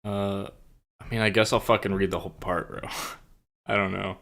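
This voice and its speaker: A man's voice: low voice, fairly even intonation, moderate pace, creaky, a bit bright. A man streaming live, chatting casually and reading his own story aloud, rambling and self-conscious, with plenty of swearing.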